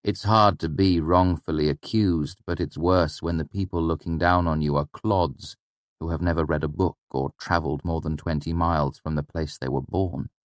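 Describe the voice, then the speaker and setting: Male narrator for a first-person audiobook, very low voice, measured and reflective, in a dry booth. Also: fairly even intonation, no room sound.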